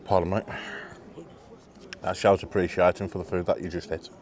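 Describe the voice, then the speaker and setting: A British man with a fairly low voice hosts a casual food vlog at a marina, rating what he eats and bantering between bites. His talk is chatty and jokey, recorded outdoors. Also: little pitch movement, moderate pace, a little mellow, slight background noise. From Britain. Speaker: vlog host.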